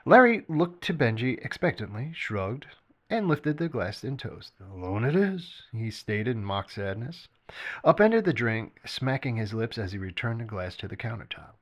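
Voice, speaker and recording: A man reads his own fiction aloud as a storyteller. His delivery is expressive and animated, with pitch that rises and falls freely. Now and then he slips and restarts a phrase. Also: normal speed. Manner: lively, expressive reading with occasional slips and restarts. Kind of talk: story narration read aloud.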